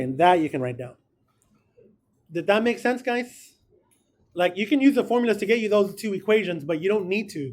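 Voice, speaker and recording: A man's voice: high voice, darkish tone. A man teaching a math class, casual and encouraging, talking through each step aloud. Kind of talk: classroom lecture.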